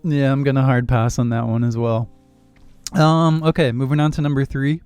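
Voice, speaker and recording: A young man talks movies on a casual podcast, giving firm opinions and laughing easily. His voice is smooth and resonant, and faint music plays behind him. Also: mid-range voice, steady tone, normal speed, a little mellow, dry recording. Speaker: podcast co-host.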